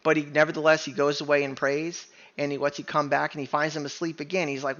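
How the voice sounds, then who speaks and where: A man's voice: on the high side, little pitch movement, fast, fairly bright tone, muffled recording. A man teaching a Bible study sermon in an emphatic way, often stopping to ask "right?". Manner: emphatic, keeps asking "right?".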